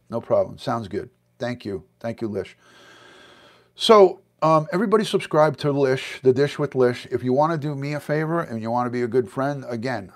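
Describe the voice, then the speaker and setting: A middle-aged American man hosts a casual livestream from his basement at home, talking loosely and reading out viewer comments as they come in. His voice sits in an ordinary middle range, and he sounds close to the webcam mic. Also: mid-range voice. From United States. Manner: chatty, reads viewer comments aloud. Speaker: livestream host. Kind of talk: casual live-stream chat.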